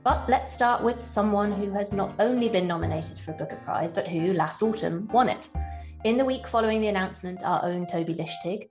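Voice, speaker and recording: A woman's voice: medium pitch, fairly quick. A woman hosting a literary podcast, reading a polished scripted introduction. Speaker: podcast host. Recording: voice over background music.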